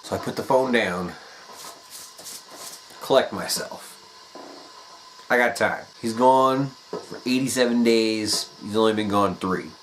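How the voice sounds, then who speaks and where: A man telling a comedic personal story in an animated way, swearing freely. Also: fairly low pitch, measured pace, pauses often, slight background noise, rough recording.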